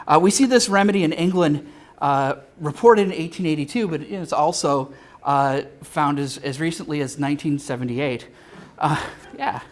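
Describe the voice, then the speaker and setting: A man giving a live lecture at a convention, halting often with filler sounds and restarts, and dropping dry, joking asides. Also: fairly high pitch. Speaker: convention speaker.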